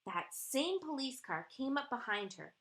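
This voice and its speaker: A woman's voice: sits high, very animated, unhurried, fairly bright tone. A woman telling a children's story expressively, drawing out sound effects.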